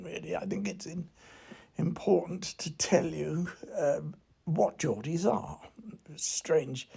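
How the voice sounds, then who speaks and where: A man's voice: fairly high pitch, vocal fry, a little mellow, husky. An English man telling a rambling comic story at home at night, stammering and half-whispering as he meanders and digresses. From England. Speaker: comedian.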